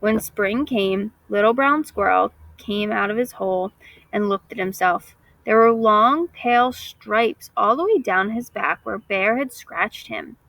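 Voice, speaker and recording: A woman reading a folk tale aloud for children in a gentle, expressive storytelling voice. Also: mid-range voice, measured pace, creaky, dry recording, low-quality recording.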